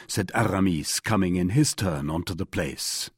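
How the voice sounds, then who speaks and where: A man narrating an adventure novel as an audiobook in an expressive storytelling manner. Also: deep voice, moderate pace, slightly rough, no room sound, clean studio sound. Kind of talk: scripted narration.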